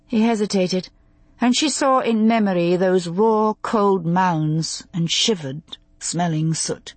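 Husky-voiced woman narrating an audiobook. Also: medium pitch, dry recording. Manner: expressive, measured storytelling. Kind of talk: scripted narration.

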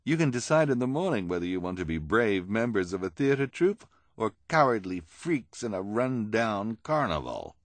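A man voicing a vain, scheming woman villain with a haughty, sharp manner in a storybook reading. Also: lowish voice, sing-song, moderate pace, dry recording, pitched above the performer's own voice.

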